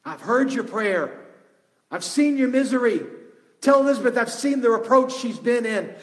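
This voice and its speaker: A man preaching, voicing God in an emphatic, building and near-shouting way. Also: extremely high pitch, moderate pace, voice pushed up. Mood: fervent. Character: God as an earnest, loud, promising voice. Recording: long reverb of a large hall.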